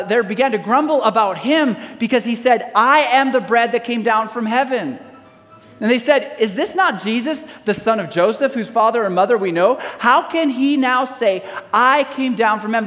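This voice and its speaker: A man with a notably high voice preaches a sermon, reading scripture and asking the congregation to call out answers. His voice rings with the long reverb of a large hall. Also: a bit bright. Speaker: pastor.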